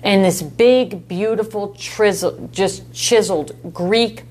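A woman telling a lively personal story as a guest, laughing often and gesturing as she talks. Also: mid-range voice, takes it slowly. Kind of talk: casual storytelling.

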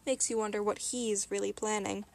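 A woman's voice: mid-range voice, fairly even intonation, moderate pace, a little mellow, close to an everyday voice. A woman voicing a sardonic male demon in serpent form, speaking in a wry, sarcastic way.

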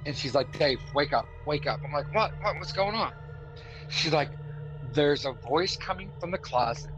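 With a slightly high, expressive voice at a moderate pace, the Arkansan co-host spins easygoing stories for a casual podcast, peppering them with fillers. Loud music plays behind the dull, lo-fi recording.

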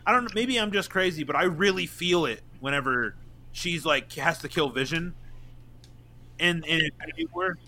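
A man in casual movie review chat, excitable and emotional, swearing often. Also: on the high side, normal speed, a little hiss or hum. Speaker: movie podcast co-host.

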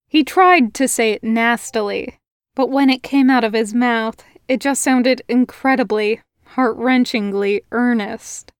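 A woman narrating a fan fiction audiobook in a measured, expressive reading. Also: fairly high pitch, clean tone, no room sound, clean studio sound. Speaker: podfic reader.

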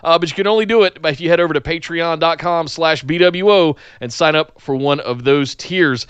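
A man's voice: fairly high pitch, fairly quick, fairly bright tone, smooth, dry recording, muffled recording. A man hosting a casual podcast, running through upbeat promotional plugs with frequent "uh" fillers. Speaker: podcast host.

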